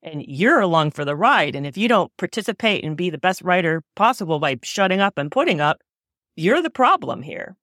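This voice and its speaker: A woman's voice: on the low side, expressive, brisk, few pauses, fairly bright tone, no echo, clean studio sound. A woman in a reflective conversation, talking in an earnest, searching way and often correcting herself mid-sentence.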